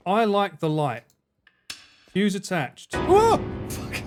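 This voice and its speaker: An excitable man talks over his game as a streamer, his pitch leaping up and down as he swears and laughs at what happens on screen. Faint music sits underneath his voice. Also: slow. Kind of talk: casual gameplay commentary.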